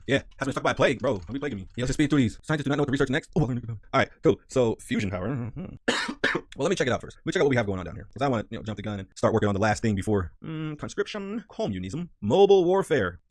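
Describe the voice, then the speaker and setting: A man giving casual, excitable, slangy commentary on his gameplay, talking straight to his viewers on a close desk mic. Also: mid-range voice, rapid-fire, no room sound. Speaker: gaming video creator.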